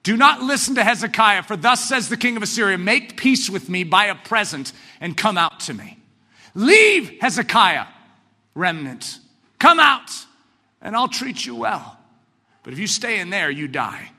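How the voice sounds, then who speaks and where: A man's voice: high-pitched, very animated, a little slow, sharp tone, big-room sound, heavily acted. A man preaching a sermon, taking on the voice of a boastful, threatening ancient king. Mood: boastful threats.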